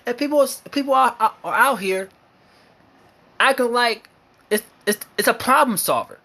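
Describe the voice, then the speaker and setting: A man's voice: extremely high pitch, moderate pace, pauses often, pushed and bright. An American man delivering an impassioned opinion monologue, emphatic and repetitive, hammering his points with repeated phrases and swearing. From United States. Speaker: vlogger sharing opinions.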